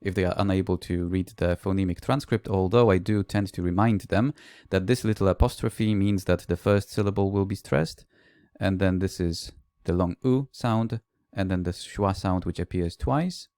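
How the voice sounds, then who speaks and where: A man with a fairly low voice presents at a language-teaching conference, explaining calmly and telling classroom stories with a few "uh" fillers. The sound is dry and close, with no room echo. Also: normal speed, clear, resonant tone.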